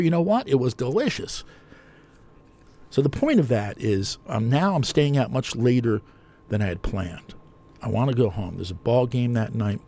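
Gravelly chatty older Jersey man. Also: medium pitch, warm tone. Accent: New Jersey. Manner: chatty, digressive, self-mocking. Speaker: radio host. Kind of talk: rambling storytelling monologue.

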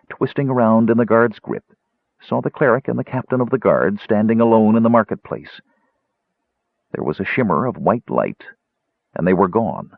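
A man reading an audiobook in scripted, expressive narration, on a tinny narrow-band recording. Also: lowish voice, gravelly, no room sound.

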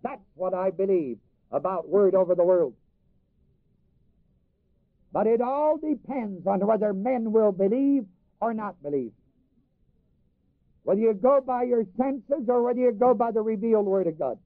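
High-voiced preacher on a tinny line. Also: male voice, animated, measured pace, long pauses, no echo. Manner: reads scripture in old King James wording, then explains it to the congregation; repeats phrases for emphasis and asks the audience to finish lines. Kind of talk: sermon. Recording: dry, phone-like recording.

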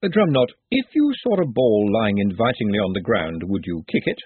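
A man voicing a calm, dry-witted male city ruler who speaks in a measured, wry way. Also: fairly low pitch, husky, no room sound. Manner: measured, wry, drily amused. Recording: dry, phone-like narrow sound.

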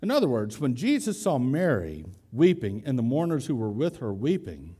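A man preaching a conversational expository sermon, putting questions to his listeners and slowing down to stress key words. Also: mid-range voice, huge pitch swings, mellow, husky. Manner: conversational, asks the congregation questions. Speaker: pastor.

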